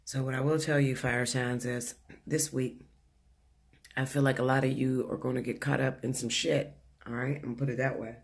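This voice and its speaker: A man reads tarot cards in a loose, chatty way. He talks bluntly, swears freely and laughs often. He speaks at an everyday middle pitch from his living room at home. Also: little pitch movement, moderate pace, creaky. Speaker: tarot reader. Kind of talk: casual weekly tarot reading.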